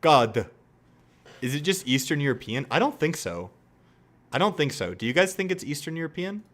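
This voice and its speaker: A man's voice: on the high side, sing-song, a little fast, fairly bright tone. A man chatting casually on a livestream, joking and reacting to clips. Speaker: streamer.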